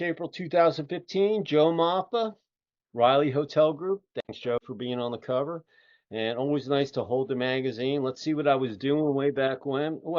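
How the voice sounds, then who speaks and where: A man's voice: medium pitch, a little mellow, no echo. A middle-aged man with a Philadelphia accent hosting a casual interview show, rambling with lots of fillers. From Philadelphia area, USA. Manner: rambling, many fillers, folksy. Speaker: podcast host. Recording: muffled lo-fi audio.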